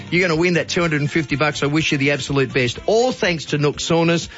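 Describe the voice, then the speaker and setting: A man's voice: a little high, a bit bright, lo-fi sound. A man with an Australian accent hosting talkback radio, chatty and playful, joking with callers. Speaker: radio host.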